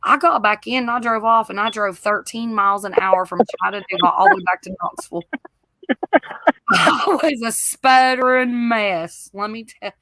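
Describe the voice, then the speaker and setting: A woman spins a wild story in loose chat, laughing often and swearing freely. Her voice is high and very bright, and the sound is close and dry with no room around it. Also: normal speed, no room sound. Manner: animated, laughing, swearing, many "like" fillers. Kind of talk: casual storytelling.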